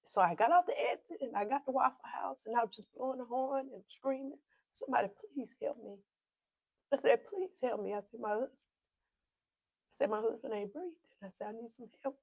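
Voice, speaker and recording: A woman's voice: fairly high pitch, gravelly, no echo. Southern woman pastor telling a grief-filled story. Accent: South Carolina. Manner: emotional storytelling, voice often sinking to a hushed whisper; repeats and re-enacts dialogue with quoted speech. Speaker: pastor, podcast guest. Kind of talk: personal testimony in a conversation.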